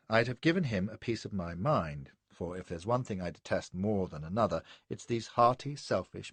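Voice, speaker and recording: Wry gravelly male audiobook narrator. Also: fairly low pitch, dry recording. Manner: wry, expressive storytelling. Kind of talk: first-person period novel narration.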